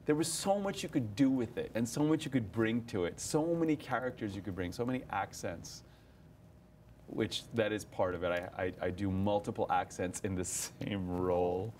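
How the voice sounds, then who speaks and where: A young man, an actor, chatting in an interview about his stage roles, animated, often laughing and restarting his sentences. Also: fairly low pitch, moderate pace, slight background noise. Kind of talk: casual interview chat.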